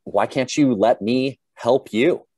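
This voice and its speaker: A man's voice: low voice, moderate pace, no room sound. A man quoting a mocking, exasperated drill instructor who swears at his trainees. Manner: sarcastic, swearing.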